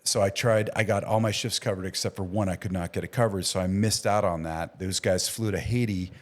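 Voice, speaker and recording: A man, an emergency physician, telling stories in a casual podcast interview and acting out the dialogue. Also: low-pitched. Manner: animated storyteller, acts out quoted dialogue.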